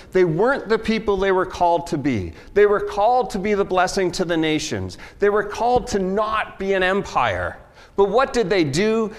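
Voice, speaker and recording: A man preaching a casual, self-deprecating sermon with a fairly high voice. He talks in a conversational way and acts out quoted lines. The sound carries a long hall reverb. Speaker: pastor. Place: church hall with audience.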